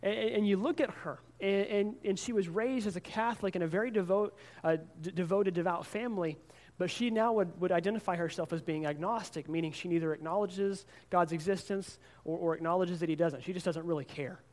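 High-voiced man preaching a sermon. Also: brisk, a little mellow. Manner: earnest storytelling with frequent word repeats. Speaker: pastor.

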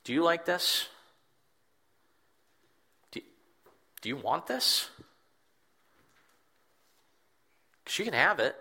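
A man voicing Jesus as a gentle figure inviting the listener, speaking softly and at times near a whisper. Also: a little high, big pitch swings, takes it slowly, slightly rough, pitched above the performer's own voice, exaggerated voice. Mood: tender.

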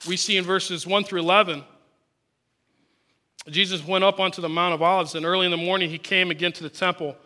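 A male preacher with a high-pitched voice gives a sermon. He reads scripture passages aloud, then explains them in an earnest way. His tone is bright and clear. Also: steady tone, a little fast.

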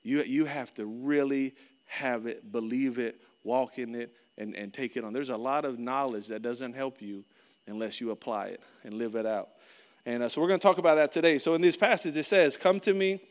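A man's voice: mid-range voice, moderate pace, in a large hall. A middle-aged man preaching a sermon as pastor, earnest and conversational, often repeating his phrases.

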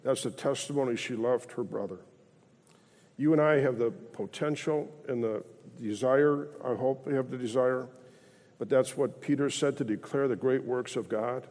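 A man's voice: medium pitch, darkish tone. A man preaching a sermon as pastor, earnest and rising in emphasis when he reads scripture. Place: church sanctuary. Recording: long reverb of a church hall.

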